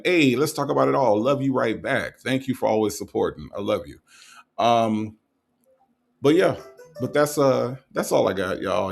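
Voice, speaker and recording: Chatty livestream host signing off. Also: male voice, fairly low pitch, vocal fry. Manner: chatty, checks in with "okay?" and "right?"; repeats affirmations slowly. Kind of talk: casual livestream sign-off.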